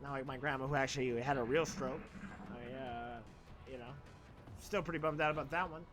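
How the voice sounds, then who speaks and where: A man's voice: medium pitch, steady tone, fairly quick, music in the background. A young man streaming a game, chatting casually in a rambling, crude, joking way. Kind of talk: casual live-stream chat while gaming.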